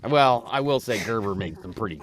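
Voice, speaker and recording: A man's voice: fairly low pitch, lively intonation, a little fast. A man co-hosting a podcast, chatting and joking with a loose, profane manner and reading a news story aloud. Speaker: podcast co-host.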